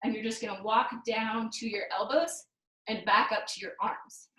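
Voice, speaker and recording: A woman leads a live fitness class over a video call, cueing each move as she demonstrates it. Her voice sits a touch high and rings around a bare, echoey room. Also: steady tone, normal speed, fairly bright tone. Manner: instructive, cueing exercises while demonstrating. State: out of breath. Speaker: fitness instructor. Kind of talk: live online workout class.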